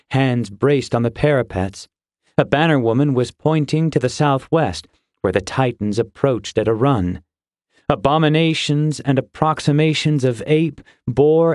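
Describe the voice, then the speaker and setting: Slow, measured male audiobook narrator. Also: mid-range voice, no room sound, clean studio sound. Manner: measured, steady reading. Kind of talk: scripted fantasy narration.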